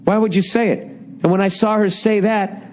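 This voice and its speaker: A man's voice: high voice, steady tone, normal speed, a little hiss or hum. A man, ranting sarcastically and profanely in a casual podcast monologue, his voice a little strained and cracking. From United States. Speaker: podcast host.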